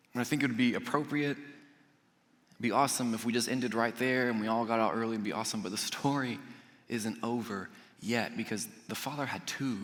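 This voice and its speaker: A male pastor preaching a sermon in a conversational storytelling way, dropping to soft, earnest emphasis. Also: medium pitch. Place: church auditorium. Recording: echoey church hall.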